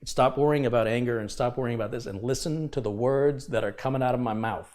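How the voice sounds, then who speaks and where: Man, livestream host, casual talk, passionate and emphatic, mid-pitched voice. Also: quick pace, a little mellow, slight background noise.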